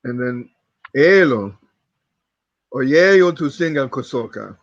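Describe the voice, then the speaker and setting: A man's voice: mid-range voice, lively intonation, slow pace, dry recording, highs cut off. A man reading practice sentences aloud in an online language class, careful and hesitant. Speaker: student.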